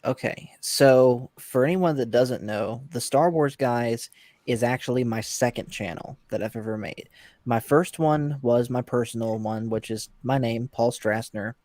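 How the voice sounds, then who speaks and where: A man who runs a YouTube channel, earnestly explaining how he got started, in a steady casual way. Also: mid-range voice, measured pace, dry recording. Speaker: YouTube channel creator, guest. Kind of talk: casual live-stream storytelling.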